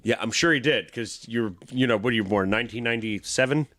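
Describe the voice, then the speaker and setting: A man's voice: medium pitch, quick pace, fairly bright tone, no echo. Male podcast host, loose and jokey, swears, dry close mic. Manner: joking, swears freely, lots of fillers. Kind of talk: casual podcast chat.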